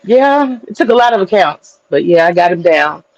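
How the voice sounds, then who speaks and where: A woman's voice: lowish voice, expressive, normal speed, no echo, muffled recording. A woman guest chatting casually on a livestream, brash, teasing and profane. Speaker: stream guest.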